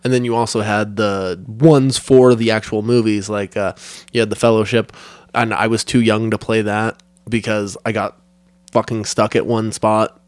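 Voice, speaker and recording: A man's voice: lowish voice, little pitch movement, normal speed, dry recording. A young man co-hosting a podcast, chatting casually, laughing often and swearing freely. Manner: laid-back, swears often, laughs a lot. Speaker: podcast co-host. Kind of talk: casual chat.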